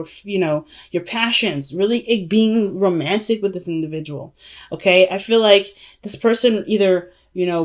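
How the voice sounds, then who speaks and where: Her voice sits at medium pitch with a darkish tone as this woman, a tarot reader, does a relaxed reading for her audience. Chatty and emphatic, she leans on "you know" and "right?" and greets viewers as "y'all" and "family."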